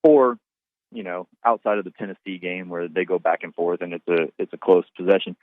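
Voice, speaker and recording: A man giving casual sports radio analysis over the phone. He talks in a halting way and repeats words while he thinks. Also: sits low, dry recording. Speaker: basketball analyst. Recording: tinny phone line.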